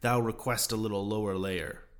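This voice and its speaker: A man's voice: lowish voice, steady tone, normal speed, natural voice. A man voicing an obsessed, vengeful old male sea captain in a fervent, declaiming way.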